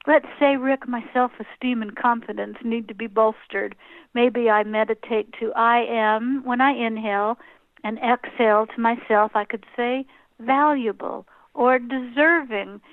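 A woman interviewed as a guest, gently and slowly talking a listener through a breathing meditation. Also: on the high side, steady tone, no echo. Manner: gentle, slow guidance with soft pauses. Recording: tinny phone-like line, dry.

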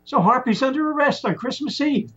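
High-voiced man rambling through a story. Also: a little fast, breathy edge. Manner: rambling, animated retelling with restarts. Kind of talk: casual storytelling. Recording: muffled lo-fi recording.

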